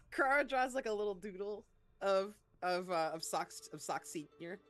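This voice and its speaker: A woman player in a tabletop game, chatty and full of fillers. Her voice is lively and animated, with faint music behind. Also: medium pitch, a little slow, dry recording. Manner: chatty, filler-laden describing.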